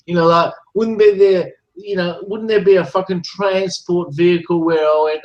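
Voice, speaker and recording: A man's voice: sits high, moderate pace, muffled recording. A man hosting a casual chat, ranting in a heated, profane, repetitive way while drinking beer.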